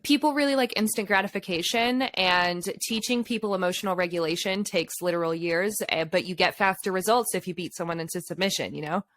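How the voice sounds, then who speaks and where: A woman's voice: fairly low pitch, brisk, few pauses, a bit bright, no echo. A woman guest on a podcast, a mother of young children, talking frankly in casual chat, swearing freely and laughing often.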